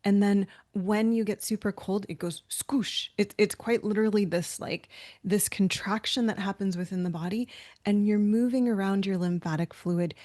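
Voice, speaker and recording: A woman's voice: mid-range voice, steady tone, moderate pace, dark tone, no room sound, studio quality. A woman co-hosting a webinar, talking in a chatty, anecdotal way with frequent fillers and restarts. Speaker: webinar co-host. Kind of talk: conversational webinar discussion.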